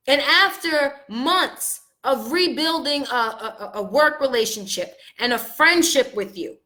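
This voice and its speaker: A woman vlogger talking straight to her viewers in a heated, venting monologue, upset and angry, her voice swinging from loud outbursts to quiet, low lines. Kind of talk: casual monologue to camera.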